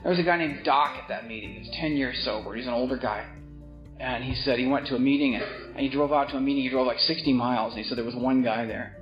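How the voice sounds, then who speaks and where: A man's voice: medium pitch, quick pace. A man telling his recovery story with wry, self-mocking humor, acting out the people he meets. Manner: wry, self-mocking, acts out other voices. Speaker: recovery meeting speaker. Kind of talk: comedic storytelling talk. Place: meeting hall with live audience. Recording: roomy, muffled hall recording with music.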